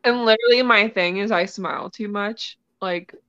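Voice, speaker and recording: A young woman, a wrestler, telling stories in a casual interview with lively giggles. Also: medium pitch, normal speed, dull audio, slight background noise. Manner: animated storytelling, giggly. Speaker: wrestler guest.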